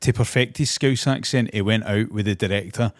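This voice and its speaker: A man's voice: lowish voice, a little fast, no room sound, studio quality. A Scottish man co-hosting a casual podcast, chatty and laughing often. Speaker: podcast co-host.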